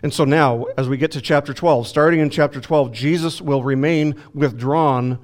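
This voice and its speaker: A man preaching an expository sermon as a pastor, emphatic, slowing down to stress key words and asking the congregation rhetorical questions. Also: fairly high pitch, steady tone. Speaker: pastor teaching a Bible lesson.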